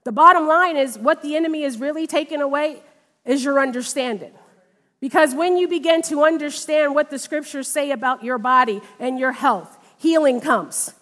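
A high-pitched woman delivers a sermon in a church sanctuary, her voice ringing with a long hall reverb. She speaks in a conversational way, weaving a personal testimony into her teaching. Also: moderate pace. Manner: conversational, animated in retold dialogue. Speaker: preacher.

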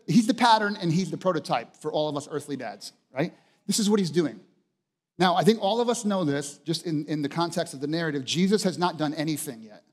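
A man preaching with passionate emphasis, his voice sitting a little high for a man. He hammers points home with repeated phrases. A long reverb from the church hall trails each line. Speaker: pastor. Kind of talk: sermon.

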